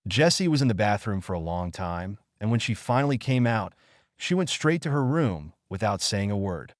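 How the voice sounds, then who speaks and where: A man narrating a first-person story in an expressive, dramatic way. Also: fairly low pitch, normal speed, dry recording, clean studio sound.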